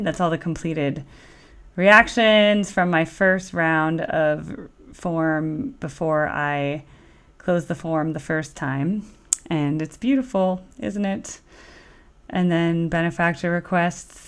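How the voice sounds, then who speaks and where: A woman's voice: on the low side, moderate pace. Chatty woman reacting to music. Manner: chatty and rambling, with many fillers and playful asides. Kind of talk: casual chat.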